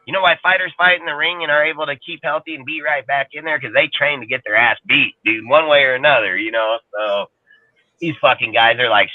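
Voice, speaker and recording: A man's voice: mid-range voice, a little fast, no echo. A man talking football on a casual sports talk show, rambling, profane and heated. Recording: tinny phone-like line, dry.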